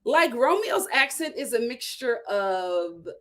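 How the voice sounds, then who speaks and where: Woman, high-pitched, sassy casual commentary, animated, laughing. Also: takes it slowly. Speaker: show reviewer.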